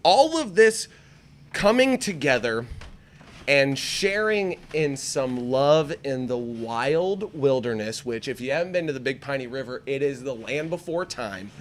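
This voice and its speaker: A man with a medium-pitched, unhurried voice chats on a casual podcast he co-hosts. He's from the American Midwest and talks with plenty of profanity. He gets excitable and laughs frequently.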